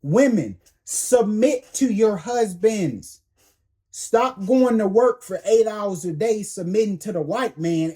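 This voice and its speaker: A man's voice: high voice, warm tone. A man preaching a sermon in a blunt, confrontational way, hammering home repeated commands in slangy everyday speech.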